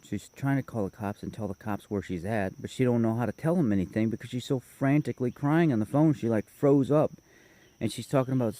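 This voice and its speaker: A man's voice: medium pitch, fairly quick, mellow. A man casually telling a long personal story, rambling and correcting himself as he goes. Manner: rambling, self-correcting, detailed.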